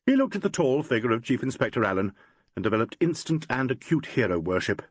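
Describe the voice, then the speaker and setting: A man narrating a classic mystery audiobook in a measured, expressive storytelling manner. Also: medium pitch. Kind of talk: scripted narration.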